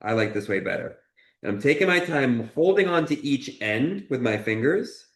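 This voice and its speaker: A man's voice: medium pitch, big pitch swings, normal speed, echoey room. A man chef teaching a cooking lesson, talking through each cut in an encouraging way and often checking in with "okay?". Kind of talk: cooking demonstration. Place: kitchen.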